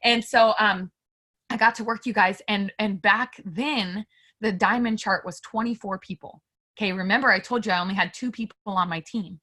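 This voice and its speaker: A woman guest on an interview, telling a personal story in a candid, animated way and talking straight to her listeners. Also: medium pitch, moderate pace. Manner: animated and emphatic, filler-heavy; candid, addresses listeners directly.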